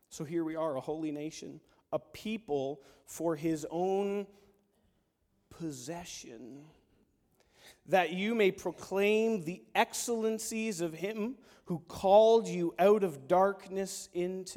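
A high-voiced man preaching in a big space with a long reverb trailing each line. He tells a story, drops to a hush and then bursts into shouts. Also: slow. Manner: animated, swings from hushed to shouting. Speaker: pastor. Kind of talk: sermon with storytelling.

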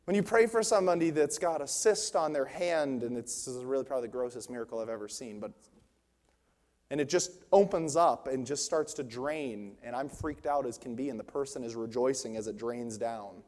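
Fairly quick and mid-range with a darkish tone, a young man's voice fills a large church hall, echoing with long reverb. Preaching from the stage, he tells personal stories and works up to an emphatic, fervent climax.

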